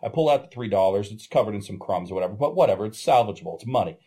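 Man telling a lively story, mellow voice. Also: lowish voice, rapid-fire, slightly rough. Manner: animated, profane anecdote-telling. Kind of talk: casual storytelling chat.

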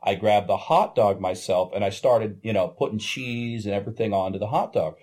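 Man, mellow tone, animated storyteller, casual chat, swears freely. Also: lowish voice, a little fast. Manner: animated, profane anecdote-telling.

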